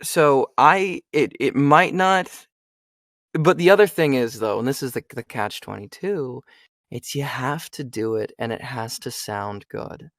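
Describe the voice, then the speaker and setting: Guest slot: young male voice actor, animated and chatty, dry close recording. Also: mid-range voice, a little slow, dry recording. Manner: animated, chatty, frequent fillers. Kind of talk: casual interview chat.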